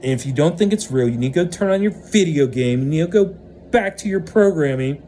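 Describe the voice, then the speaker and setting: A man in an unscripted vlog monologue, ranting with lots of swearing and swinging between loud outbursts and hushed stretches. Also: on the high side, expressive, fairly quick, a little hiss or hum. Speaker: vlogger.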